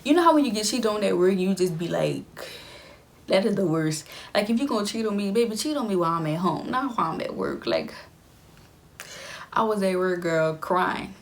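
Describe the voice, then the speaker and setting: A woman's voice: mid-range voice, animated, fairly quick, gravelly. A young adult woman casually telling a personal story to her viewers in a chatty, emphatic way. She often repeats phrases for effect.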